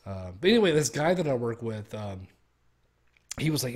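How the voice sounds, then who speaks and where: A man's voice: mid-range voice, big pitch swings, moderate pace, darkish tone. A young man streaming, chatting casually in a rambling, profane way and laughing at his own stories. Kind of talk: casual chat.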